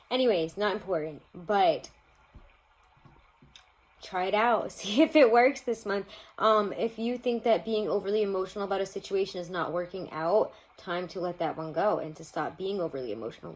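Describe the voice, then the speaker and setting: A woman's voice: mid-range voice, a little fast, poor audio. A woman giving a casual tarot reading to her viewers, chatty and rambling, laughing often. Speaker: tarot reader.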